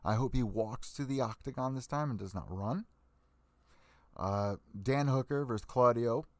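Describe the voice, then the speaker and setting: Young male MMA podcast host, profane and fired up, medium pitch, very dry close sound. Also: moderate pace, dry recording. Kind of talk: ranting live stream commentary.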